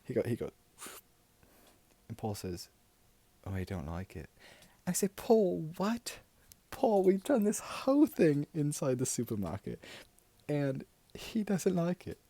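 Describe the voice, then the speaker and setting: A man's voice: deep voice, lively intonation, measured pace, pauses often, warm tone, breathy edge, no echo, heavily acted. A man playing a chatty middle-aged auntie in an ASMR role-play, rambling, giggling and repeating himself as he tells pointless stories close to the mic. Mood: rambling gossip. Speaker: aunt character in role-play.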